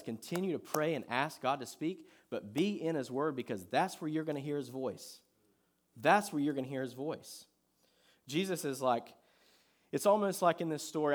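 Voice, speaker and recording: A male pastor delivering a sermon in an easy, conversational manner. He raises his voice to drive points home, then drops low and soft to read scripture. His pitch sits in an ordinary middle range. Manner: conversational preaching, shifting between loud emphasis and quiet reading.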